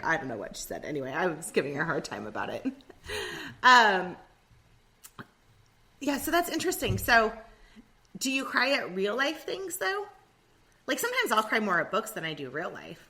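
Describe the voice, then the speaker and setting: A woman hosting a podcast, leading the chat with questions and animated side stories. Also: medium pitch, moderate pace. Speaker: podcast host. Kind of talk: casual chat, leading discussion.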